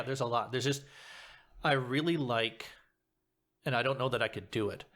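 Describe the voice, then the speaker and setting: A man talking as a guest actor on a podcast, thoughtful and halting, often restarting his sentences. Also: fairly low pitch, fairly bright tone. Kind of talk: casual podcast chat.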